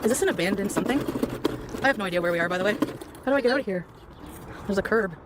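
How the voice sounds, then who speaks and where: Fast-talking nauseous woman on a noisy street. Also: medium pitch, expressive. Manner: rambling, complaining, frequent restarts. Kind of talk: rambling outdoor livestream chat. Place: outdoors on city streets, riding a scooter. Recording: clip with loud street noise.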